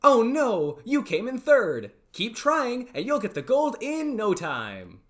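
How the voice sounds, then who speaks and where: A man voicing an upbeat announcer for a kids' racing game, using a bright, encouraging, sing-song delivery. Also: very high voice, wildly swooping pitch, slow, voice pushed up, heavily acted.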